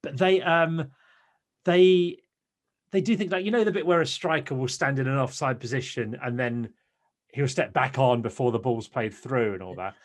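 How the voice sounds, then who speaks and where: A man in his thirties, a podcast guest, telling stories in an animated, ranting way. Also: mid-range voice, moderate pace. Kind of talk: casual chat.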